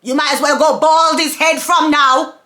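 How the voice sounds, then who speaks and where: This vlogger, an adult mother of several children, speaks to her camera in a casual, emphatic rant that repeats itself and leans on rhetorical questions. Her woman's voice is high-pitched and steady, at normal speed, sounding pushed and bright.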